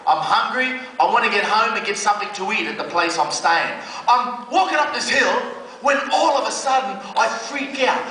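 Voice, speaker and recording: Australian man, high and bright voice, animated slangy storyteller, echoey hall, mic far off. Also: moderate pace. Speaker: speaker giving a testimony. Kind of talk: storytelling talk.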